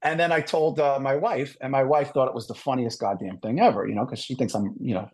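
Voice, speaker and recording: A middle-aged man telling stories in a casual podcast chat, animated and full of swearing. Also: mid-range voice, quick pace. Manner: animated, profane storytelling. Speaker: podcast guest.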